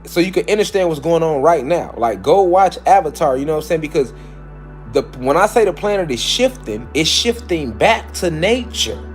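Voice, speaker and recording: A man's voice: a little high, very animated, moderate pace, soft background music. A man giving an informal lecture to camera, emphatic and repetitive, with slangy, profane street talk and frequent check-ins with his listeners. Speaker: esoteric lecturer.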